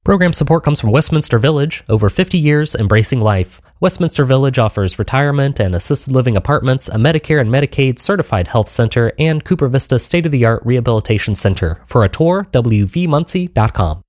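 A man's voice: medium pitch, no room sound. Male station announcer, dry booth sound, sponsor reads. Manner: even, measured announcer read.

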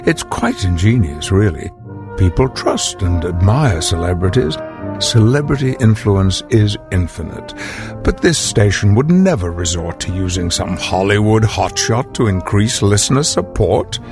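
Gravelly, wry male radio announcer. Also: on the low side, lively intonation, measured pace. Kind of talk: scripted radio promo. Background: music.

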